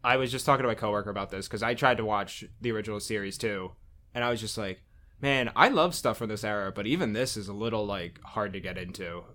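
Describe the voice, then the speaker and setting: A man's voice: fairly low pitch, quick pace, sharp tone. Wry man chatting casually. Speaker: podcast co-host. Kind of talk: casual chat.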